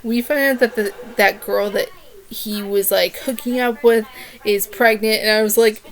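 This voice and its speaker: A woman's voice: fairly high pitch, steady tone, a little slow. A young woman chatting casually in a book review vlog, rambling and gushing with constant "like" fillers.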